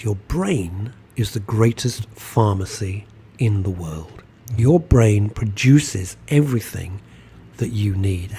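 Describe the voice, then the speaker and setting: A man's voice: on the low side, a little hiss or hum. A man hosting a radio show, chatting casually and reading out listener messages. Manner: chatty, warm, reads messages aloud and reacts.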